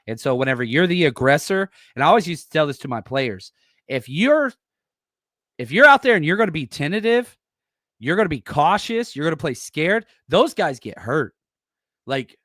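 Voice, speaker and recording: A man hosting a podcast in a blunt, salty, casual style, reading chat and getting loud and fired up at times. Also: a little high, dry recording, clean studio sound. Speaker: podcast host and former coach. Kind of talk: casual solo football preview reading live chat.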